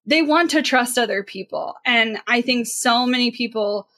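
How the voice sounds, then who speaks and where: Earnest higher-voiced woman podcast co-host. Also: moderate pace, pushed and bright. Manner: earnest, emphatic, many filler likes. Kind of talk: casual chat.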